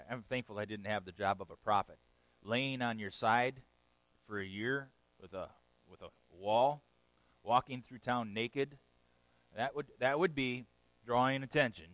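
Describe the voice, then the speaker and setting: Male pastor, sermon; dry close sound, lively delivery that swings from loud to hushed. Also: no room sound, poor audio. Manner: animated, swings between loud emphatic peaks and quiet low passages; conversational, checks in with "okay?".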